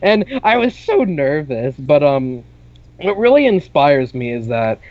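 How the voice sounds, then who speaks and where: A man's voice: a little high, big pitch swings, measured pace, no room sound, lo-fi sound. A young man co-hosting a podcast, telling a long story in a rambling way, with lots of "like" and casual swearing. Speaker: podcast co-host.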